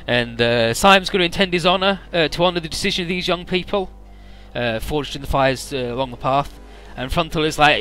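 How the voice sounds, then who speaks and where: A man retelling a video game plot in a loose, offhand way, dropping swears and filler words as he goes. His voice is bright and forceful and sits a little high for a man, with faint music underneath. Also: moderate pace. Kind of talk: casual let's-play story recap.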